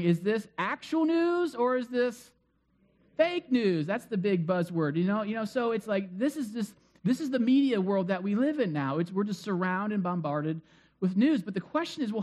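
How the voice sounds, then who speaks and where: High-voiced conversational male pastor. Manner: conversational, self-deprecating asides, many fillers. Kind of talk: sermon.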